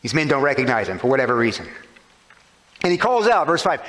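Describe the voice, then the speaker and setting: Very animated and quick, a man with a mid-range, somewhat bright voice preaches a sermon, working through scripture with rhetorical questions and varied emphasis, all in long hall reverb.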